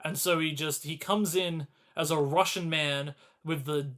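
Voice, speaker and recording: Bright, high-voiced man joking on a podcast. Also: steady tone, a little slow. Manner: laughing, sarcastic, swears freely. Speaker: podcast co-host. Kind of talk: casual chat.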